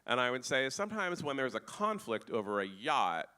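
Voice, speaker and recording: Deadpan man with a bright, forceful voice. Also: medium pitch, moderate pace. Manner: dry, deadpan, stammering restarts. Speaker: author on a festival stage. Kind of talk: comic storytelling on stage. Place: festival tent with live audience.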